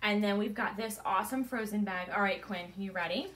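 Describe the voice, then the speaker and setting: A woman's voice: mid-range voice, a little fast, fairly bright tone, a little hiss or hum. A woman in her thirties, a mother hosting a casual unboxing with her kids, gushing and easily moved. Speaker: mother and channel host.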